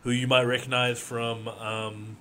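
A man's voice: medium pitch, flat delivery, measured pace, fairly bright tone, a little hiss or hum. A man co-hosting a podcast in casual chat, rambling and laughing often. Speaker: podcast co-host.

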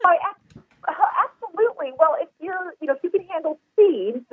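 Giving cooking advice in a casual podcast interview, this chef and recipe developer speaks fairly quickly in a very high voice with lively intonation. Her enthusiasm spills into long run-on explanations, heard through a dry, tinny phone line.

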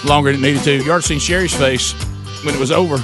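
A man's voice: fairly high pitch, steady tone, very fast, music in the background. A middle-aged man, hosting a radio talk show and telling a story, acting out the dialogue with big jumps in voice.

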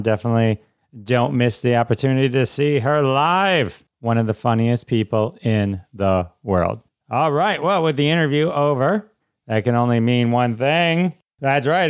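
An upbeat male podcast host with a smooth, resonant voice, recorded close and dry. He talks with eager enthusiasm and laughs easily. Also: mid-range voice, dry recording. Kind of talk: interview and show segments.

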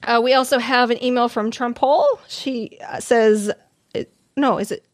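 A woman's voice: on the high side, steady tone, normal speed, no echo, clean studio sound. A woman co-hosting a gaming podcast, reading listener emails aloud in a chatty, giggly way with small stumbles. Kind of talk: casual podcast chat.

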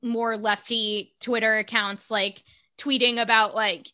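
A woman's voice: fairly high pitch, level tone, measured pace, pushed and bright. A young woman from the United States in casual, frank podcast chat. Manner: chatty, frank, wry.

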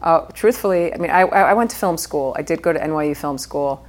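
A woman's voice: sits low, fast talker. A middle-aged woman from New York, a guest actress telling stories at home in a casual interview, swearing freely and laughing mid-story.

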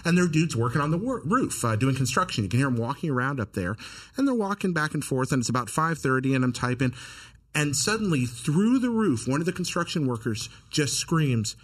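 A man's voice: a little high, sing-song, a little fast, slightly rough. A man co-hosting a gaming podcast, telling stories in a rambling way with dry humor. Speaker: podcast co-host. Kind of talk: casual podcast chat.

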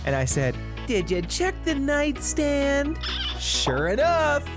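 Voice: high voice, wildly swooping pitch, slow pace, over music, exaggerated voice. A performer playing a chatty housewife and mother who dotes on her husband, telling a comic testimonial in a folksy way. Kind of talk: comedic testimonial monologue.

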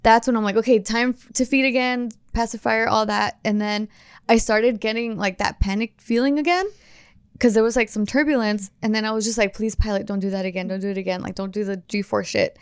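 A young woman casually telling friends an animated story, swearing often as she goes. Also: medium pitch, fairly quick, clean tone, no room sound, studio quality. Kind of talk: casual chat.

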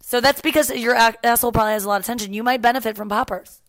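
A woman's voice: a little high, steady tone, rapid-fire, a bit bright, soft background music. A young woman hosting a podcast from her apartment couch, chatting casually, laughing and swearing freely. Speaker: podcast host.

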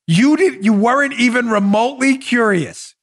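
A man in his forties hosts a political commentary podcast in a very high, bright voice. He swings wildly up and down in pitch, breaking into incredulous exclamations and bursts of laughter. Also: animated, normal speed. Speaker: podcast host.

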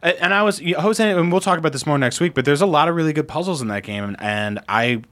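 Animated, chatty podcast co-host man. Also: on the high side, fast. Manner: animated, lots of "like" fillers. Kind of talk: casual chat.

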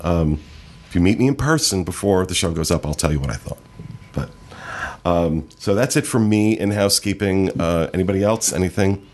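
A man's voice: low voice, moderate pace, a little hiss or hum. A man hosting a podcast, chatting casually and steering the group through the segments. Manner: relaxed, joking, runs the segments. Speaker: podcast host.

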